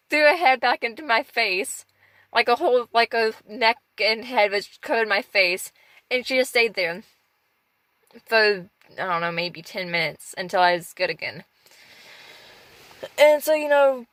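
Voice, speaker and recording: A woman talking candidly and emotionally in a personal vlog from inside her parked car, halting and rambling as she speaks. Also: medium pitch, fairly bright tone, no room sound, rough recording. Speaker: off-grid dog musher vlogger.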